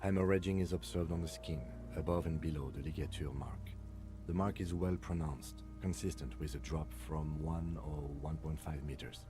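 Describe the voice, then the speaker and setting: An actor playing a calm, methodical male police lieutenant in a video game, speaking in a measured, clinical, dry way. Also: extremely low pitch, music in the background.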